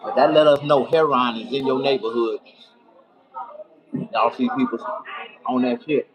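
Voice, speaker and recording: A man's voice: mid-range voice, normal speed, over a noisy crowd, low-quality recording. A middle-aged man ranting crudely to his viewers in casual, boisterous storytelling. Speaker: streamer.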